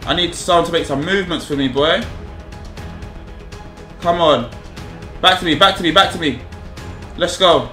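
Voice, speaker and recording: Young man yelling over a football game. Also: fairly high pitch, moderate pace, long pauses. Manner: animated, pleading and exasperated, slangy. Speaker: gaming YouTuber. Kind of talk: live game commentary. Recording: echoey room with music behind.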